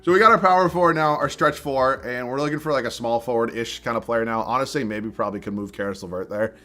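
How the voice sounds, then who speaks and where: A man's voice: medium pitch, fast talker, a bit bright. Young male streamer, casual live commentary, chatty and laughing, faint music under it. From southern Massachusetts. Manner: chatty, thinks aloud, laughs often, reads viewer chat.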